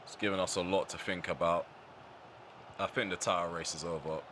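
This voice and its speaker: A man's voice: low-pitched, fairly even intonation, fairly quick, background noise. A man giving live commentary over his own football video game match, often exasperated and ranting about how it is going. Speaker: gaming channel host.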